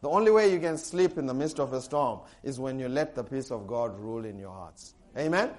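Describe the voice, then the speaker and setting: A man preaching a sermon as pastor, animated, with sudden loud bursts and frequent laughter. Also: mid-range voice, brisk.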